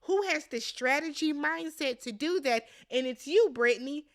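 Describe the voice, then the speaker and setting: A woman giving a casual, blunt recap of a reality competition show, swearing freely and acting out quotes with big jumps in pitch. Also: animated, moderate pace.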